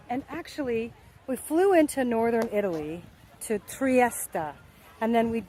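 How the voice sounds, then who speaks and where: A woman's voice: a little high, dark tone, slight background noise, rough recording. A woman from the United States, chatting cheerfully to viewers as she films a travel vlog outdoors. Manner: chatty, upbeat, speaks to viewers. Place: outdoors by the sea.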